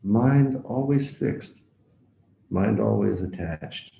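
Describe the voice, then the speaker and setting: A man's voice: fairly low pitch, expressive, slow pace, creaky, warm tone, reverberant, highs cut off, a little hiss or hum. A man giving a devotional lecture as a visiting monk, telling a story, repeating words for emphasis and asking his listeners direct questions. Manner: asks the audience direct questions.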